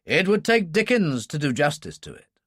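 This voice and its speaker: A man doing a brisk, commanding spy chief. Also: a little high, huge pitch swings, fairly bright tone, no echo, clean studio sound, full character voice.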